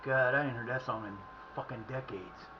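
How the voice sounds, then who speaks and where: A middle-aged man streaming live and chatting casually as he plays, excitable and profane, often yelling at the action. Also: mid-range voice, normal speed, highs cut off, background noise. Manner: excitable, profane, shouts at the play. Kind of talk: casual live commentary while playing.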